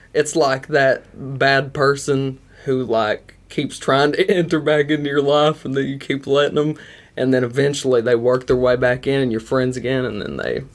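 Podcast co-host, Kentucky man, mid-pitched, rambles and laughs. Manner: rambling, laughs often, trails off. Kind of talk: casual podcast banter.

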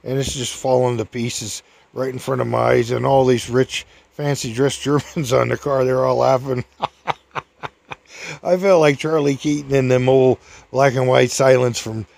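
An older man casually telling a rambling personal story, chuckling often and raising his voice high to act out other people's lines. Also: steady tone, a little slow, vocal fry, a little mellow, no echo.

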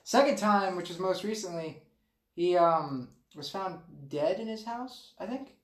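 A man's voice: high voice, a little slow. Chatty man in an echoey room. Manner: rambling, laughs often. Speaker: podcast co-host. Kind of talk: casual chat.

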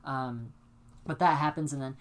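Woman co-host with a low voice and a worked-up, swear-heavy recap style for casual podcast chat. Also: moderate pace. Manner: animated, profane storytelling with dramatic reenactments.

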